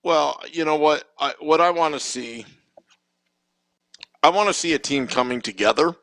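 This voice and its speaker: A man with a gravelly, somewhat high voice co-hosts a casual sports podcast. He rambles and restarts often while pushing strong opinions. The sound is dry and close. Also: moderate pace, a bit bright, no room sound, rough recording. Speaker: podcast co-host.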